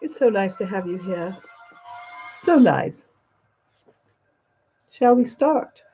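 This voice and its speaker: A woman's voice: medium pitch, animated, slow, dark tone, highs cut off, voice pushed down. An older woman livestream host putting on an upper-class English accent to play a gracious, gushing elderly queen who calls viewers darling. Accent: put-on upper-class English. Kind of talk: live chat in character, greeting viewers. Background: faint background music.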